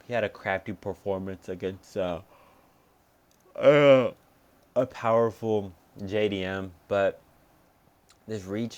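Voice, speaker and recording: A young man breaking down fight picks in a casual, rambling way, swearing often and thinking aloud as he changes his mind. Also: on the low side. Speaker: MMA fight picks commentator.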